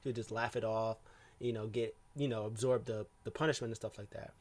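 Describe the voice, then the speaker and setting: A man's voice: on the low side, fairly even intonation, a little fast. A man casually recapping a wrestling show, rambling and heavy with fillers and restarts.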